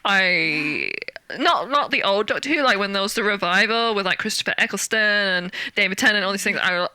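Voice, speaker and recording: Young british woman, very bright voice, dry close sound, animated storytelling. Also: brisk, dry recording. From Britain. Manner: animated storyteller, acts out quotes with big jumps in pitch. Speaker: guest actor. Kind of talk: casual interview chat.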